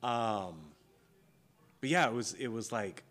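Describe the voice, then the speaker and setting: A man's voice: mid-range voice, slow pace. Young man in casual, swearing chat. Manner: animated and profane, heavy on "like".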